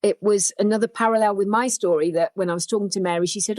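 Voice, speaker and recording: A woman's voice: mid-range voice, fairly even intonation, quick pace, few pauses, darkish tone, no echo. A woman speaking earnestly as a podcast guest and sharing her own experiences. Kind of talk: conversational chat.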